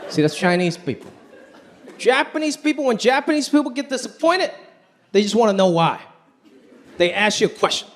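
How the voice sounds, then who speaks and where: A man doing a stand-up comedy set in a club, talking in an animated way and acting out other people's voices. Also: high voice, moderate pace, long pauses, some chatter behind. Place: comedy club stage before a live audience. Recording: live club recording with loud audience laughter. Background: audience laughter.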